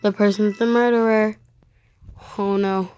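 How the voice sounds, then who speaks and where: A woman narrating her online game as she plays, excitable and easily frightened, giving running commentary. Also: mid-range voice, measured pace, a little hiss or hum. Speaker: gaming channel host. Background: dogs barking sometimes.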